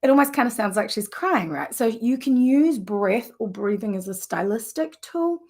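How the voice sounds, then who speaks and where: Enthusiastic woman vocal coach, higher voice. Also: expressive, moderate pace. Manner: warm, enthusiastic and conversational, with asides. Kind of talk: live coaching lesson.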